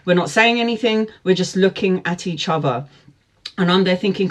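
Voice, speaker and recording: A woman in her forties telling a personal story, lively, laughing often and acting out what people said. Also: on the low side, moderate pace. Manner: lively, laughs often, acts out quoted speech. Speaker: tarot vlogger. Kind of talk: storytime chat.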